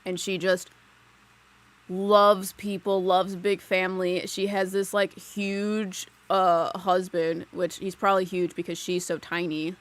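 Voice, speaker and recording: A woman's voice: lowish voice, flat delivery, slow pace. A woman casually chatting while giving a live psychic reading at her desk at home, talking freely and laughing between thoughts. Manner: chatty, giggly, lots of "like" fillers. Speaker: psychic medium streamer. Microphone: desk mic on a live stream.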